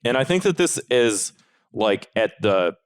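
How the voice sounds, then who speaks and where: A man's voice: lowish voice, very animated, a little slow, smooth. A man on a podcast, ranting in an exasperated, casual way and swearing freely. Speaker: podcast panelist.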